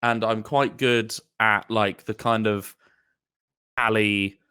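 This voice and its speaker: A young man chatting as a podcast guest, animated and casual, and swearing freely. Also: lowish voice, takes it slowly, clean tone. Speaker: guest, D&D player.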